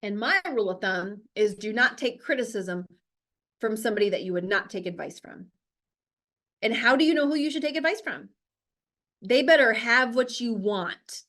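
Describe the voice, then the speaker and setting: A woman's voice: fairly high pitch, expressive, normal speed, fairly bright tone. A woman host giving a blunt, emphatic motivational talk, firing off rhetorical questions. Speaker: host, health coach.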